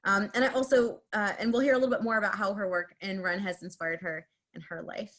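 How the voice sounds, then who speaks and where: A woman's voice: mid-range voice, steady tone, fast talker, fairly bright tone. Woman moderator introducing a guest. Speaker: panel moderator.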